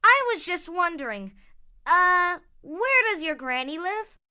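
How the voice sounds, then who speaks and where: A woman's voice: very high voice, big pitch swings, unhurried, bright, forceful tone, exaggerated voice. A woman voicing a scheming big bad male wolf in a puppet show, sly and wheedling. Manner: sly, wheedling, fake-sweet granny act.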